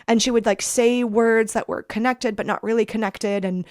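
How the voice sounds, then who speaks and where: A woman in her thirties, a podcast guest telling a personal story in an earnest, reflective, halting way. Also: fairly high pitch, steady tone, darkish tone, no echo, clean studio sound. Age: 30s.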